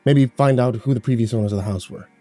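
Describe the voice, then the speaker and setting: A man playing a frantic husband and father in a horror story reading, sharp and commanding. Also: mid-range voice, fast talker, dry recording, soft background music, natural voice. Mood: tense. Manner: bursts into shouting, then calms.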